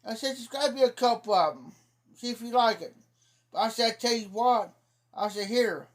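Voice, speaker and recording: This middle-aged Ohio man hosts a laid-back livestream, wandering through folksy tales and saying "I said" again and again. He speaks at an ordinary pace in a very high-pitched voice.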